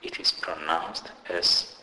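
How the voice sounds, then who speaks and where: Slow, very deep-voiced male language teacher. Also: steady tone, heavy background noise. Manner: carefully spells letters and repeats each example word twice. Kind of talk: slow scripted pronunciation lesson.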